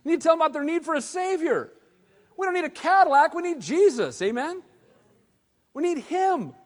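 A man preaching a sermon as pastor, animated and conversational, with casual slang. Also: extremely high pitch, brisk. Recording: long hall reverb.

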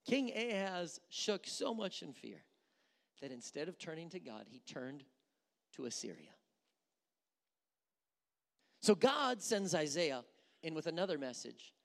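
A pastor delivers a sermon in a large, reverberant sanctuary, with the voice trailing off into a long hall echo. The delivery is animated and full of swooping pitch, with quotes acted out along the way and words repeated while thinking aloud. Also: unhurried. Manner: animated storytelling, acting out quotes.

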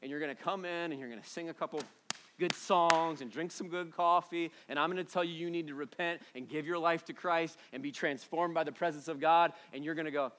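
A man preaching a sermon in a church, casual and joking, swinging between loud bursts and hushed moments. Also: on the high side, fairly even intonation, fairly quick, background noise. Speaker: pastor.

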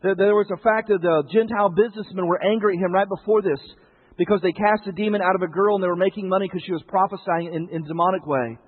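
Husky high-voiced preacher, tinny sound. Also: male voice, steady tone, fast. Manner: conversational preaching with rhetorical questions. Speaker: pastor. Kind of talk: sermon. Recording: tinny narrow-band broadcast sound.

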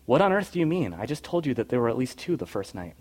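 A man's voice: medium pitch, very animated, fast, a little mellow. A man reading aloud and voicing a frightened, lonely young boy who whines and pleads. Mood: indignant. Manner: whiny, pleading, panicky.

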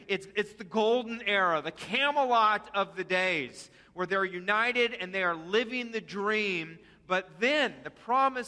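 A senior pastor delivers a conversational sermon to his congregation in a church sanctuary, using fillers and asking people to repeat after him. His voice sits high with a sharp tone. The recording carries long hall reverb.

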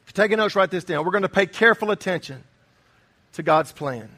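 A man's voice: sits high, animated, fast talker, sharp tone. A middle-aged man preaching a sermon, earnest and emphatic, often repeating his key phrases. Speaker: pastor.

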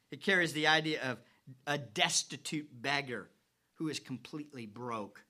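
A man preaching a sermon who swings from hushed whispers to loud, emphatic declarations and stretches words slowly for emphasis. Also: medium pitch. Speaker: pastor.

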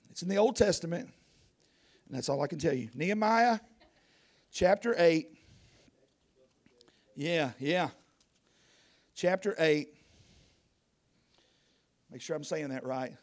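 A man preaching an informal sermon as a guest preacher, animated and rambling, often repeating himself. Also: high voice.

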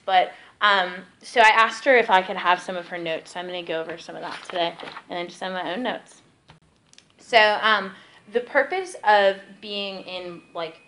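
A woman's voice: on the low side, poor audio. A young woman giving a casual ministry teaching, telling stories in a chatty way full of "like". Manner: chatty, peppered with "like", lively storytelling.

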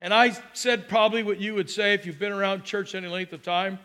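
A man preaching as a pastor, telling a story with conversational asides and swinging from loud, impassioned lines to hushed ones. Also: sits high, fairly even intonation, a little fast. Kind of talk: sermon.

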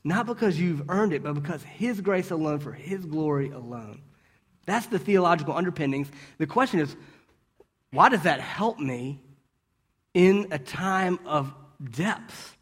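Male preacher, conversational sermon, slightly high voice, rhetorical questions and asides. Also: lively intonation, unhurried, slightly rough. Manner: asks rhetorical questions and checks in with "right?"; storytelling with brief restarts.

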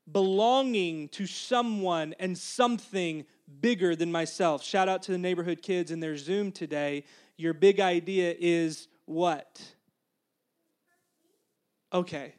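A male pastor preaching a sermon in a conversational way, often calling out "Amen?" to the congregation and making joking asides. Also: high-pitched. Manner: conversational, calls for "Amen?" responses.

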